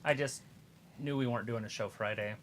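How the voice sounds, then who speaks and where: A man's voice: mid-range voice, fairly quick, a bit bright. A laid-back man co-hosting a livestream, chiming in with short remarks from away from the microphone. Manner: laid-back, short interjections from across the room. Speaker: co-host. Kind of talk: casual chat on a livestream. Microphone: off-mic, away from the host's microphone.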